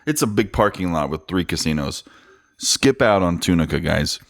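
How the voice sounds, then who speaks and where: A man's voice: sits low, expressive, moderate pace, vocal fry. A man co-hosting a podcast in casual chat over drinks, laid-back, swearing freely and laughing through his stories. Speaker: podcast co-host.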